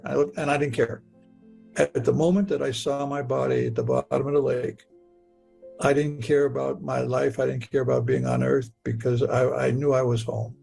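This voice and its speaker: A man telling a personal story in an earnest, halting way, often repeating words as he goes. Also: medium pitch, creaky, darkish tone, husky, faint music behind. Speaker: guest telling his story.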